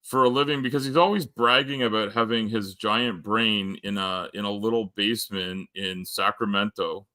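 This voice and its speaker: A man's voice: lowish voice, steady tone, normal speed, hardly any pauses, pushed and bright. A Canadian man with a Canadian accent hosting a casual live-stream chat, rambling and joking with lots of fillers. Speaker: host.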